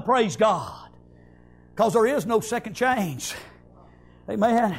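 High-pitched preacher shouting. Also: male voice, lively intonation, unhurried, long pauses. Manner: shouting, rhythmic, repeats praise God and amen. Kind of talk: fiery sermon.

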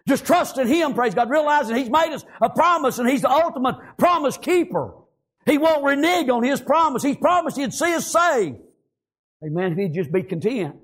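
A man preaching in a fervent drawl, his voice sitting unusually high. He strings his sentences together with constant amens and praise Gods. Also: expressive, normal speed, a bit bright, breathy edge. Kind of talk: sermon.

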